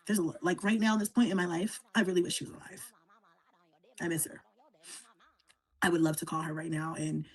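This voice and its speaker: Middle-aged woman, husky breathy voice, rambly soft livestream chat. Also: on the low side, steady tone, moderate pace, long pauses. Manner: soft, rambling, with filler words. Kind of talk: emotional casual livestream chat.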